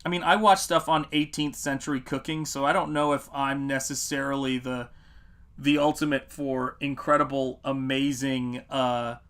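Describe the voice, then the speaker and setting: A middle-aged man, a comic artist, chatting on a livestream and telling animated stories. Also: medium pitch, normal speed. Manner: animated storytelling, acts out quotes. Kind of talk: casual livestream chat.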